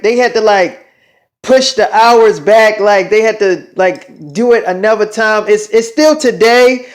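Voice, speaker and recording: A young man telling a rambling, profane story in casual slang, full of fillers. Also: high-pitched.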